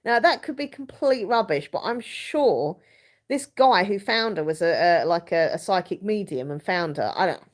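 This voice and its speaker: A woman's voice: on the low side, animated, normal speed. Chatty woman rambling on a live stream. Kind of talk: casual live chat, reading comments.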